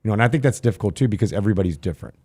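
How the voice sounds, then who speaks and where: A man's voice: fairly low pitch, lively intonation, rapid-fire, a little mellow, breathy edge. A man co-hosting a finance talk show, asking rambling questions with lots of fillers. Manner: rambling, many fillers, joking. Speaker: show co-host.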